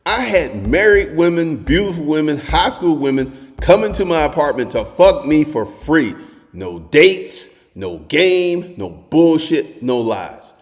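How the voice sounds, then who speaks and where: A man gives dating advice in a blunt, profane monologue. His voice swings widely in pitch as he spins stories and sometimes bursts into shouting. The sound carries a long reverberant tail from the room. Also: unhurried. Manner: crude, animated storytelling, swings to shouting.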